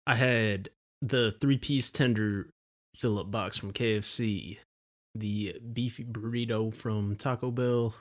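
A man co-hosting a casual podcast chat, relaxed and full of fillers like "um" and "like". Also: mid-range voice.

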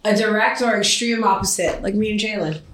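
A woman co-hosts a podcast in loose, teasing conversation and laughs easily. Her voice sits at an ordinary middle pitch. The room around her echoes noticeably, and there is a faint hiss underneath. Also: fairly even intonation, brisk. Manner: teasing, chatty, laughs often. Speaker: podcast co-host. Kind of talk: casual chat. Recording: roomy echo with faint noise.

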